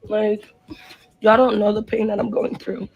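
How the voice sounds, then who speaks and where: A young woman performer, crying and hoarse, ranting profanely and in distress straight at her livestream viewers. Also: medium pitch, flat delivery, unhurried, darkish tone, dull audio, soft background music. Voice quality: husky. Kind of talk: emotional livestream rant.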